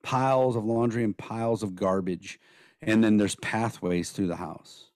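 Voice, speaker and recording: A hoarse-voiced man co-hosting a podcast in loose, rambling chat, cursing freely and telling stories bluntly. His voice sits a little low and is recorded dry and close, with no room sound at all. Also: fairly even intonation, unhurried, a little mellow, no echo. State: hoarse from days of talking. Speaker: podcast co-host.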